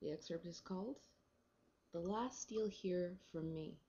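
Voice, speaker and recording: A woman's voice: fairly low pitch, a little slow, warm tone, slightly rough, dull audio. A woman reading a short story aloud in a wry, sardonic storytelling manner. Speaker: reader.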